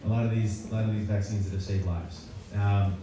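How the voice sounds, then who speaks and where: A man's voice: lowish voice, steady tone, a little fast, noisy background. A man running for office, answering audience questions in a grange hall with an earnest storytelling manner, recorded from a far camera. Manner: earnest, storytelling, with frequent fillers and restarts. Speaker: political candidate. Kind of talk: campaign speech and audience Q&A.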